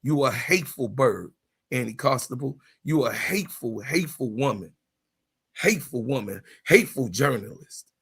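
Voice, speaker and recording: A man in his fifties hosting a sports livestream, ranting in a heated, profane way, repeating himself and rising into shouts. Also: medium pitch, lively intonation, moderate pace, slightly rough. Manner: profane, repetitive, raises voice into shouts. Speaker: sports channel host.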